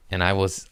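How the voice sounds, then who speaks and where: A man hosting a casual comedy podcast, rambling and animated, slipping in and out of goofy voices. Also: no echo. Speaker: podcast host.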